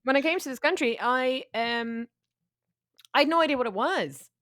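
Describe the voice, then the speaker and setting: Giggly animated woman guest. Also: high voice, moderate pace, no echo, studio quality. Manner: animated, giggly, self-deprecating. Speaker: podcast guest. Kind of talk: casual comedy chat.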